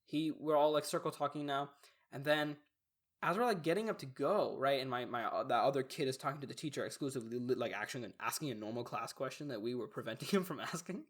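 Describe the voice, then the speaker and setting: In a casual podcast conversation, a young man co-hosting the show rambles through a story, full of fillers and false starts. He speaks quickly in a mid-range voice.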